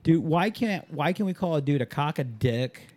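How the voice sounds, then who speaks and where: Sweary American man, slightly high voice. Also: lively intonation, moderate pace, darkish tone. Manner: loose, sweary, joking. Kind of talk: casual chat.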